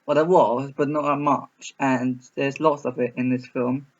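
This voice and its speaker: A man's voice: mid-range voice, flat delivery, a little slow. A man reviewing a film in a casual reaction video, rambling and hesitant with many restarts. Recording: slightly muffled.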